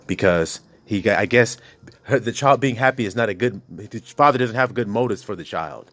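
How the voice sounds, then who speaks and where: A man preaching in an average pitch, impassioned and blunt. He swears freely and fires rhetorical questions at his listeners. His delivery swings between soft, drawn-out lines and sudden loud outbursts. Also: expressive, no room sound. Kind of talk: preaching to a congregation.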